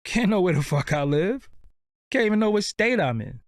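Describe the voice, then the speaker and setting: A streetwise man tells a rambling comic story, swearing freely in a blunt, unfiltered way. His voice sits a little high for a man, and the sound is close and dry with no room ring. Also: very animated, moderate pace, no room sound. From Brooklyn, New York. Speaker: show host. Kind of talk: profane comedic storytelling.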